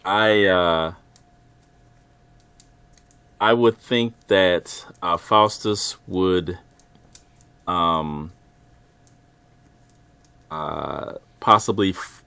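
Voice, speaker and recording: A man at a tabletop game thinks aloud about his next move in a slow, hesitant way. His very low voice is bright and smooth. It is recorded close and dry. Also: dry recording. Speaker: player.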